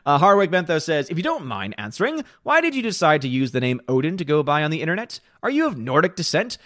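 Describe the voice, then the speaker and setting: A man with a rather high, bright voice talks fast, his pitch swooping wildly, as he hosts a movie channel livestream from his home. He casually reads viewer comments and gives opinionated, rambling answers full of repeated words. The studio-quality audio has no echo.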